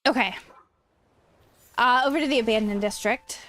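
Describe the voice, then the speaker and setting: A woman's voice: a little high, moderate pace, a bit bright. A woman streamer chatting casually while gaming, bubbly and talkative, answering chat, sounding tired.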